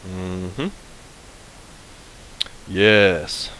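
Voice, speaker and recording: A man's voice: low-pitched, level tone, drawn-out words, bright, forceful tone, slight background noise, low-quality recording. A man giving casual, chatty commentary while playing a game, playful and prone to humming and repeating fillers. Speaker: let's play host.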